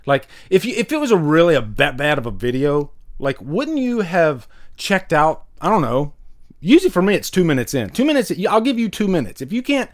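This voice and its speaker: A man's voice: fairly high pitch, big pitch swings, a little fast. A man hosting a casual livestream, greeting viewers in the chat by name and rambling between topics. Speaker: livestream host. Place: home room with vinyl records.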